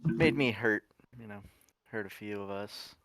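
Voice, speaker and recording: A man playing an easygoing, shameless bearded first mate in a low, laid-back voice. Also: unhurried, fairly bright tone, faint music behind.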